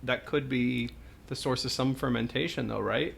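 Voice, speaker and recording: A man co-hosting a casual podcast, joking around with quick quips. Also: mid-range voice, steady tone, gravelly, fairly bright tone, breathy edge. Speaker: podcast co-host.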